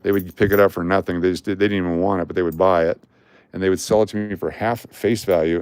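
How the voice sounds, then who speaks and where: Older guy sorting coins on a livestream, chatty and goofy, low voice, dry close mic sound. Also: a little mellow, dry recording. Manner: chatty and jokey, calling out coin dates and mint marks. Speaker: coin collecting live streamer. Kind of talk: casual live commentary while sorting coins.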